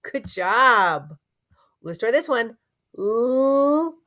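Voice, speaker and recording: A woman teaching a phonics lesson to young children, sounding out words slowly and encouraging them. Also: medium pitch, animated.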